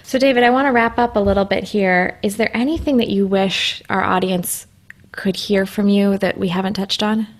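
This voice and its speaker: A woman's voice: mid-range voice, steady tone, moderate pace. A woman hosting a podcast, asking probing questions and reflecting back what her guest says. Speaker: podcast host. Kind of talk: conversational podcast interview.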